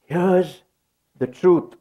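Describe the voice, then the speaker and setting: A man's voice: sits high, very slow, warm tone. A middle-aged man preaching a sermon in a church, leading the congregation in call-and-response. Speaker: pastor.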